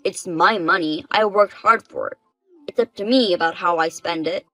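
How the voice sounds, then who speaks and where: A woman's voice: on the low side, normal speed, bright, forceful tone, low-quality recording. A woman voicing a selfish husband who brushes off complaints and justifies himself. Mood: dismissive. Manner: dismissive, self-justifying. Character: defensive, selfish husband, man.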